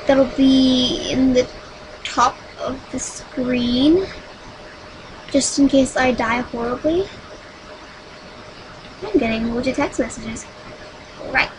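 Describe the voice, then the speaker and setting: A woman hosting a solo game video, chatting dramatically with sudden high squeals. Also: takes it slowly, long pauses, noisy background. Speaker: gaming channel host.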